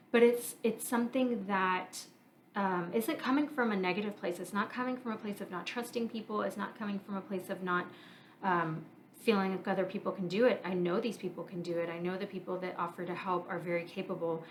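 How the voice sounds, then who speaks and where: A woman in her thirties talks straight into the mic in a candid solo podcast, earnest and reflective. She thinks out loud, pausing on fillers as she works through her feelings. Her voice sits at a medium pitch, with a faint hiss of background noise. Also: rough recording. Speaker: podcast host.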